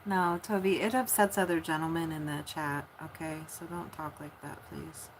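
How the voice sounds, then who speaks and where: A woman livestreaming late at night, chatting softly and giggling with her viewers over a phone mic. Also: low-pitched, fairly even intonation, normal speed, noisy background.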